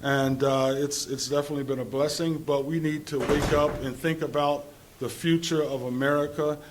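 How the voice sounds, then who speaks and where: A man's voice: on the high side, steady tone, normal speed, noisy background. A man from New Jersey speaking on a conference panel in an informal, rambling way, with restarts and chuckles. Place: conference hall.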